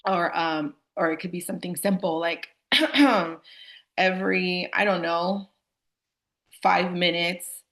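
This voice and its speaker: In a live staff training on student behavior, a young adult woman speaks with a lowish, fairly bright voice at a slow pace, pausing often. She chats casually with the audience, referring to them as "you guys."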